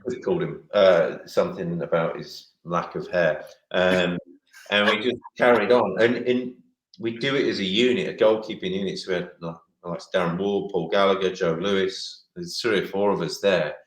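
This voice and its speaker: A man's voice: low voice, steady tone, normal speed. Rambling man telling stories. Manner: rambling storyteller, many restarts and acted quotes. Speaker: former footballer, interview guest. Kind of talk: anecdotal interview chat. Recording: roomy echo.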